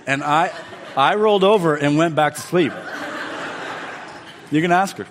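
A man preaching a sermon as pastor, telling a personal story and acting out the dialogue, swinging from loud to quiet. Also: a little high, measured pace, noisy background. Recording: long reverb of a large hall.

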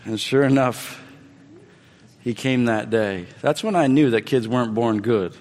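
A man preaching a sermon as pastor, telling a personal story and acting out the dialogue, swinging from loud to quiet. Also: mid-range voice, unhurried, a little hiss or hum. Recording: long reverb of a large hall.

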